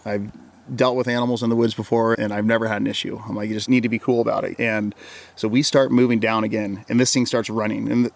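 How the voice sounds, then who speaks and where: An Oregon wilderness guide talks fast in a lowish, creaky voice with little pitch movement. As an interview guest, he casually tells a long story about an encounter. He rambles, repeating words and quoting himself with "I'm like."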